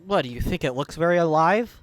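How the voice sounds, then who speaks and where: A man's voice: fairly high pitch, animated, a little fast, faint music behind. A man live-streaming a game, chatting casually with crude jokes and mumbled asides.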